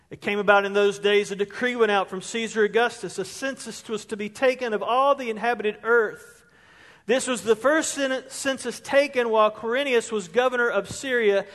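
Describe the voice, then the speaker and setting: High-voiced male pastor, emphatic sermon delivery, long church-hall reverb. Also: fairly bright tone. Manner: emphatic, rising to stress key words. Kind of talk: sermon with scripture reading. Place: church sanctuary.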